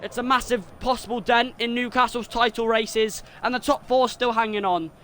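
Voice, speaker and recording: A young man streaming a football video game, giving his own excitable commentary that swings between frustrated rants and shouted goal calls. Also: very high voice, normal speed, clear, resonant tone. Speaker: gaming streamer doing self-commentary.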